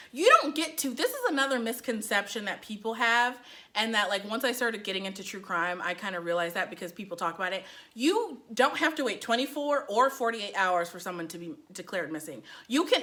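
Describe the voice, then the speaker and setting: Bright, animated woman reviewing TV. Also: fairly high pitch. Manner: animated, sarcastic, laughs often. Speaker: librarian reviewing TV. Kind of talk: casual TV reaction vlog.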